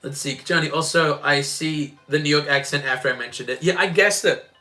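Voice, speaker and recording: A man's voice: fairly high pitch, a little fast, sharp tone, faint music behind. A man with an Australian accent chatting casually on a live stream while building Lego and reading chat, rambling with many fillers.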